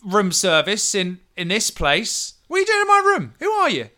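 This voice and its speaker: Man doing a half-elf woman, suspicious, irritable, threatening, high-pitched, bright. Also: very animated, normal speed. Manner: sharp, demanding, threatening.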